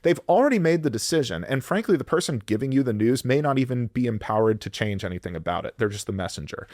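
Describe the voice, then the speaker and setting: A man's voice: medium pitch, darkish tone, dry recording, clean studio sound. A man giving blunt, profane workplace advice in a podcast interview, often acting out quoted voices. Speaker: employment lawyer guest.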